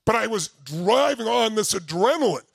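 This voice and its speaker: A middle-aged man giving an animated, emphatic motivational talk to a live audience, rising to near-shouting as he tells a story. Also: sits high, moderate pace, creaky, slightly rough, no room sound. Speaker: motivational speaker.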